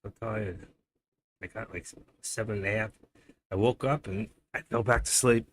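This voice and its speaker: Middle-aged guy on a trading stream, lowish voice, mutters and rambles, chuckles through stories. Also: steady tone, normal speed, slight background noise. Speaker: livestream host and day trader. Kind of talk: casual live-stream chat while trading.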